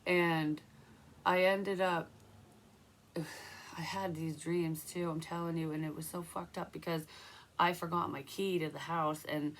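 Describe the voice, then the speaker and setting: Young woman doing a tarot reading, low voice, chatty and swears a lot, bit of hiss in the background. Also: a bit bright. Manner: rambling, swears freely, chatty storytelling. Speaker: psychic tarot reader. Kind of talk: casual tarot reading with personal stories.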